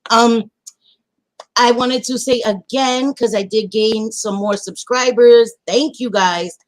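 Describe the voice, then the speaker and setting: A woman hosting a casual livestream, greeting viewers warmly by pet names and swearing freely in animated chat. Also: on the high side, takes it slowly, slight background noise. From Latina. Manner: animated, swearing, affectionate nicknames. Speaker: livestream host.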